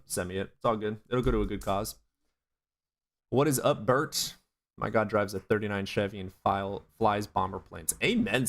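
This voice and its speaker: A man casually answering viewers' chat on a live stream, joking and swearing as he rambles. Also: on the low side.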